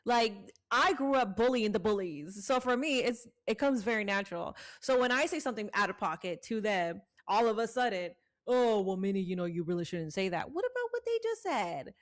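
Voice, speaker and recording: A woman co-hosting a podcast in casual chat, animated and profane as she rants and reads out listener questions. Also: mid-range voice. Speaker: podcast co-host.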